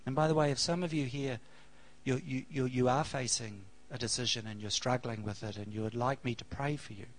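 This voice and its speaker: A man's voice: mid-range voice, fairly even intonation, brisk, poor audio. A man preaching a sermon, telling a story in a rambling, anecdotal way with many fillers. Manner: rambling anecdotal delivery with fillers, softening to a hush at the close. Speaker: pastor.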